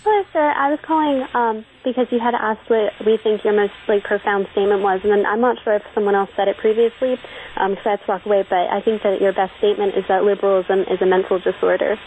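A woman's voice: medium pitch, fairly even intonation, quick pace. A woman calling into a radio show, polite and a bit hesitant. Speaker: caller. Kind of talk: phone-in chat. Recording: tinny phone line with faint noise.

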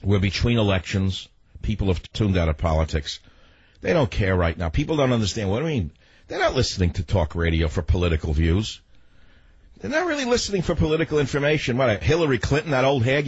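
Male talk radio host, combative rant, husky and animated, dull dry studio sound. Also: medium pitch, fast talker, no echo. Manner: combative, ranting, fires rhetorical questions. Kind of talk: political radio monologue. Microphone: studio microphone.

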